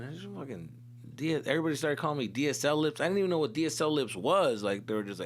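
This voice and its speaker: Animated, gravelly-voiced male podcast host. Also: fast talker, a little hiss or hum. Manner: animated, profane, swings into loud high-pitched impressions. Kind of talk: casual comedic storytelling.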